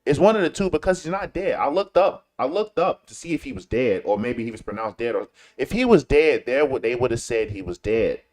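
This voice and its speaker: Male streamer host, mid-pitched, argumentative, repeats himself, mocking tone. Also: lively intonation, fairly quick, hardly any pauses, a little mellow. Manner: combative, repetitive, stammering restarts; mocking, puts on whiny voices for quotes. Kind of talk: live-stream commentary rant.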